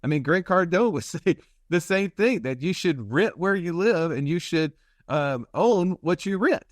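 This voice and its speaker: A man's voice: on the high side, lively intonation, unhurried, dry recording, studio quality. A man hosting a podcast, talking casually and explaining ideas, often checking in with "right?". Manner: conversational, explains with repeated "right?". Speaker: podcast host.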